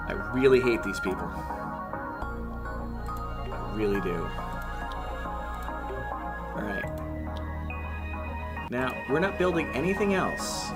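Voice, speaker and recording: A man's voice: medium pitch, very animated, slow, long pauses, over loud music. A man with a strained voice giving livestream commentary on a game, scolding the little colonists on screen and swearing at them. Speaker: game streamer.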